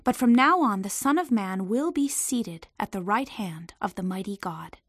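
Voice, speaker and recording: A woman voicing a calm, solemn man in a storybook reading, speaking softly and partly in a whisper. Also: medium pitch, normal speed, slightly rough, no echo, clean studio sound. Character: calm grown man, gentle and solemn teacher.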